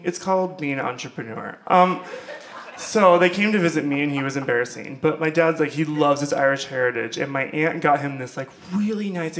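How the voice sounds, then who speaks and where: A man's voice: a little high, fairly bright tone, a little hiss or hum. A young man from Iowa performing a stand-up comedy set, rambling and sarcastic, with lots of fillers. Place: small comedy club stage.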